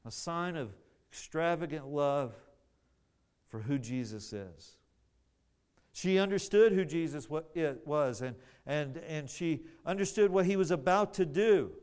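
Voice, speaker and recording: A man's voice: high-pitched, a little mellow, smooth. A man preaching a sermon, earnest, often repeating words as he searches for the phrasing.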